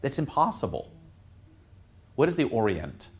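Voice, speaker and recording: A man, a priest, teaching students in a classroom in a casual, halting way, with many fillers and restarts. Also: medium pitch, big pitch swings. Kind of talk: informal classroom talk.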